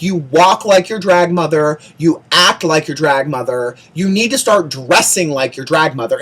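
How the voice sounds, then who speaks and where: A casual vlogger talking through a show recap at an ordinary middle pitch. The delivery swings between gushing praise and exasperated ranting, with lots of "like" and rapid repeated words. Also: fairly bright tone, slightly rough. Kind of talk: casual chatty recap monologue.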